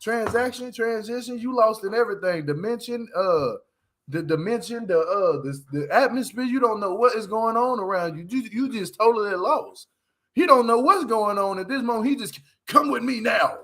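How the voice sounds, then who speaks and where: A man giving a casual, slangy recap of a reality show, with animated delivery and laughing asides. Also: high-pitched, moderate pace.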